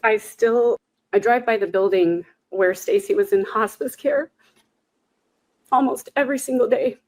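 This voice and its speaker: A woman's voice: on the high side, measured pace, a little mellow. A woman hosting a conversational interview, talking candidly and reflectively with a wry edge. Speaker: host.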